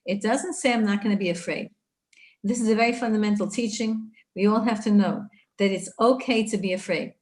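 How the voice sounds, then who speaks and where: Animated woman teaching Torah. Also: mid-range voice, fairly quick. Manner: animated, speaks to listeners directly. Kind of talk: live online Torah class.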